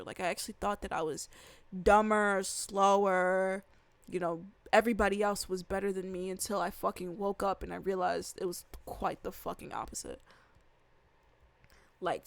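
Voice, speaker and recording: A woman's voice: medium pitch, a bit bright, no room sound. A woman, ranting casually with lots of profanity, slang and emphatic repetition. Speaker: vlogger reacting to a video. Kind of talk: casual rant.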